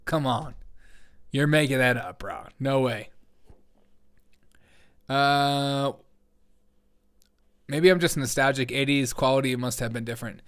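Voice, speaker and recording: A man's voice: mid-range voice, slow pace, pauses often, a bit bright, smooth. A man in his forties hosting a comedy commentary show, reacting to chat with jokey, sarcastic asides. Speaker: host.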